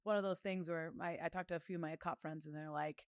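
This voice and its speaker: A woman in her thirties telling lively stories in a casual interview, acting out other people's voices. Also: fast. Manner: animated, acts out other voices with big pitch jumps. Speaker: guest, professional fighter.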